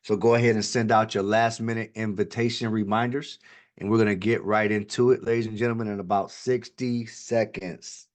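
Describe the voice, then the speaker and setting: A man presenting a live online webinar, pitching an opportunity in fast, hype-driven salesman patter, often calling out to the audience. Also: steady tone. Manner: repeats "ladies and gentlemen" and "all right".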